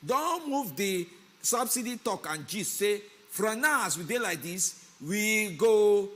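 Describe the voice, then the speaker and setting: A man with a Nigerian accent trades banter as a talk-show co-host. His voice sits high for a man, and he delivers everything in a playful, sing-song way. He sounds animated and loose in the studio. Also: slow. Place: broadcast studio.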